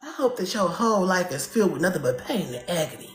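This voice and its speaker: A woman's voice: on the low side, sing-song, fast talker, reverberant, soft background music. Woman ranting profanely on a live stream. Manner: profane, insulting, dramatic rant. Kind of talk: comedic ranting livestream.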